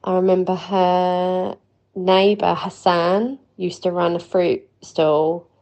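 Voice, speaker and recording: A woman's voice: fairly low pitch, level tone, takes it slowly, a little mellow, rough recording. A woman leaving a chatty, nostalgic voice message for a podcast, swearing freely. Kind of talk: casual voice note.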